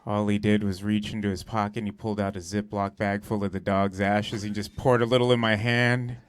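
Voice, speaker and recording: A young man works a comedy club stage with a slightly low voice, swearing freely and filling his stories with "like" and "dude". He talks loosely and conversationally into a handheld mic. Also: level tone, brisk, clean tone. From Southern California. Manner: profane, conversational storytelling with lots of "like" and "dude". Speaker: stand-up comedian. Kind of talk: stand-up comedy set.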